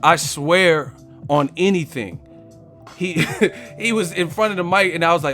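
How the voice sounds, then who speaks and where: Man on a live stream, higher voice, laughing storyteller, faint music behind. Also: normal speed, fairly bright tone. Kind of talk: casual live-stream chat.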